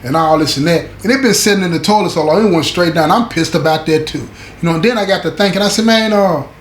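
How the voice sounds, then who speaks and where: Male storyteller, fairly high voice, animated and slangy, keeps asking if you follow him; roomy echo. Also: quick pace. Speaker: show host recounting prison stories. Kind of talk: casual storytelling to viewers. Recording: echoey room with faint background noise.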